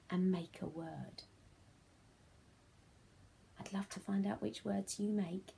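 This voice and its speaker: A woman's voice: medium pitch, steady tone, slow, vocal fry, pauses often, warm tone, a little hiss or hum. A woman teaching a phonics lesson to young children, speaking in a sing-song, encouraging way that often drops to a whisper.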